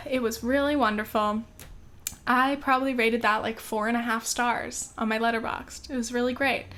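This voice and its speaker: A young woman from America talks on her own podcast in a relaxed, candid way. Her voice sits a little higher than most women's, and her talk is full of fillers and the occasional swear word. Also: normal speed. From United States. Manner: chatty and candid, with frequent fillers and casual swearing. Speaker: podcast host. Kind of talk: casual solo podcast chat.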